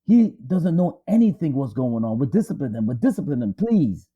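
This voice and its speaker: A man voicing a frightened older man begging for mercy, deferential and urgent. His voice is husky with a lively pitch. The sound is dull and lo-fi. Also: moderate pace.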